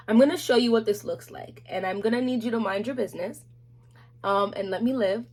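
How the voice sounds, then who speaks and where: A woman chatting casually on camera about beauty products, animated and slangy, with playful asides to viewers. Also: medium pitch, breathy edge. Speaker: beauty vlogger. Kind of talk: casual product review chat.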